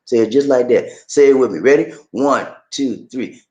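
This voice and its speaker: A man's voice: normal speed, dull audio. A man giving casual relationship advice on a vlog, emphatic and preachy, calling the listener "man" and "baby". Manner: animated, swoops up high for emphasis. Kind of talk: casual motivational advice talk. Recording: echoey room.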